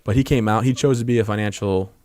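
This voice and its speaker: Fast-talking man telling war stories. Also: lowish voice, darkish tone, no room sound. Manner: fast-talking, acts out quoted dialogue in his stories. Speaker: podcast guest, army veteran. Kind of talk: casual interview storytelling.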